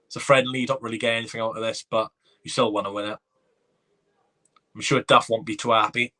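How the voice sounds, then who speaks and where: Bright-voiced excitable football fan. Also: male voice, mid-range voice, quick pace. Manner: excitable, chatty, reads viewer comments aloud. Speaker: fan watchalong host. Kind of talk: live reaction commentary.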